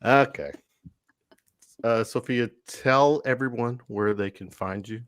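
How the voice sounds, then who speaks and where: A man's voice: medium pitch, takes it slowly, fairly bright tone, no echo. A man hosting a podcast, teasing his co-hosts and restarting his sentences often. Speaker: podcast host. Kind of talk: casual chat.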